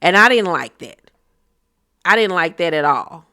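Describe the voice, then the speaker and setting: A woman's voice: lowish voice, lively intonation, measured pace, pushed and bright. A young adult woman hosting a reality TV recap vlog, talking in a sassy, blunt, profane ranting way. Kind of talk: casual commentary vlog.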